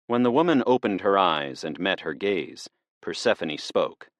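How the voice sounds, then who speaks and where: A man with a very low, deep voice narrates an audiobook. His reading is measured but lively, rising and falling with the story. The recording is close and dry. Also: no room sound.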